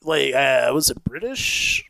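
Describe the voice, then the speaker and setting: A man co-hosting a podcast in relaxed, joking chat, chuckling along. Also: medium pitch, slow, vocal fry, no echo. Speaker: guest co-host. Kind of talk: casual chat.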